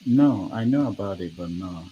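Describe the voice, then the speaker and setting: A man's voice: deep voice, animated, moderate pace, husky, muffled recording. A man hosting a casual live discussion who laughs often and reads out results as they come in. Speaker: host. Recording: faint background noise.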